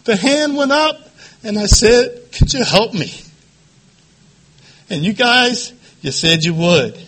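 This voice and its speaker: Middle-aged man, high and tense timbre, quivering voice, emotional halting testimony at a support group. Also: animated, a bit bright. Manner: emotional, halting, repeats phrases, laughs between lines. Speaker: recovery meeting speaker.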